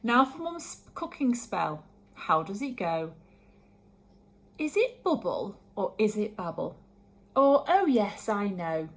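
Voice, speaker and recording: A woman voicing an eager, excitable little girl witch in a read-aloud storybook, speaking brightly. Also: mid-range voice, slow pace. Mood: thinking.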